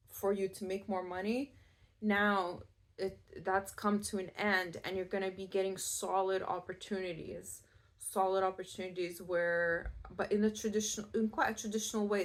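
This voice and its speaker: A Scottish woman giving a casual pick-a-card tarot reading, chatty and reassuring, with many fillers and restarts. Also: mid-range voice. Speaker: tarot reader.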